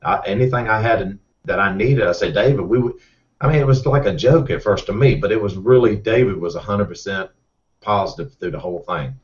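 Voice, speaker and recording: A middle-aged race car driver, telling a rambling, folksy story with repeated words. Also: male voice, on the low side, fairly quick. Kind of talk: casual storytelling. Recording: distant, muffled mic.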